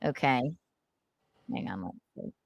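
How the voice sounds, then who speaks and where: A woman hosting a casual live stream, animated and swearing as she acts out scenes. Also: rumbling low, creaky, dry recording, studio quality. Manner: animated, swearing, acting out scenes with quick voices. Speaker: podcast host.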